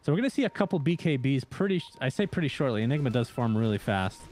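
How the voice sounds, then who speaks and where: A man casting an esports match, giving quick, chatty play-by-play and laughing easily. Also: mid-range voice, sing-song, darkish tone. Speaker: esports caster.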